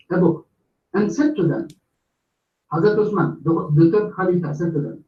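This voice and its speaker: A man calling into a debate, reading out references in a halting way with many filler sounds. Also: high-pitched. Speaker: debate caller. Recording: distant echoey muffled call audio.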